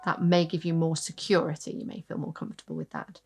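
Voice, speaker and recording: A woman's voice: deep voice, level tone, fast, over music. A woman giving an online harp lesson, patient, counting aloud and singing out rhythms as she explains. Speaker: harp teacher. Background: harp playing.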